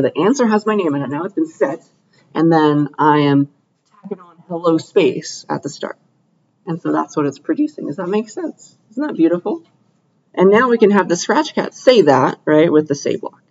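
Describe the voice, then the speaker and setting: A young man lecturing in a room, upbeat and often pausing to check the class is following. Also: a little high, a little mellow, highs cut off. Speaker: computer science lecturer.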